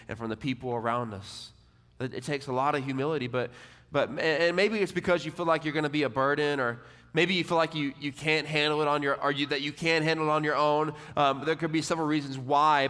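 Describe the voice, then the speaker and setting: A young man preaches to college students in a loose, conversational way, full of "like" and restarts. His voice sits in an ordinary middle pitch. The sound carries a long, lingering hall reverb. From Texas. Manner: casual, conversational preaching with many "like" fillers and repeated words; drops quieter and lower when voicing quoted people. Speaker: college ministry speaker. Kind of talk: sermon. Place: church or ministry hall.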